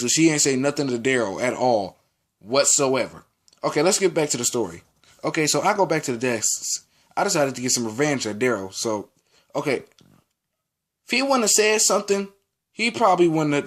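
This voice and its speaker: A teenage male vlogger telling a school story in a casual, rambling way, with many restarts and acted-out quotes. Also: medium pitch.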